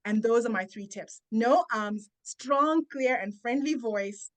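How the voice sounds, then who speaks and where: Woman coach on a podcast, fairly high voice, emphatic, slows down to stress points. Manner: emphatic, coaching tone with deliberate pauses. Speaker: confidence and public speaking coach. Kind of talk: guest giving advice in a podcast interview.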